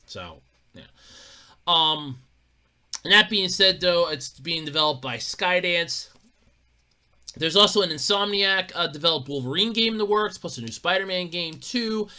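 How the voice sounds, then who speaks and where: A solo podcast host rants about gaming news with an unhurried pace and lively intonation, emphatic and profane. Getting worked up, they repeat themselves and restart, swinging from low mutters to loud outbursts.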